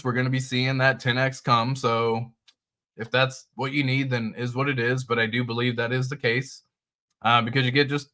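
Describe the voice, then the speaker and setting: A man hosts a casual crypto livestream, walking through charts and calling out viewers in the chat. His voice is bright and forceful, and his talk stays loose and conversational. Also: medium pitch. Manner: casual, loose, talks straight to viewers and reads chat aloud. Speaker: crypto channel host. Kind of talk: casual livestream market commentary.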